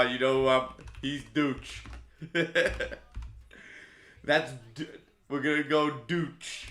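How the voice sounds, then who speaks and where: A man hosting a live stream, calling a race play-by-play with sudden loud outbursts and casual banter. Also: mid-range voice, steady tone, takes it slowly, long pauses, reverberant. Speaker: stream host.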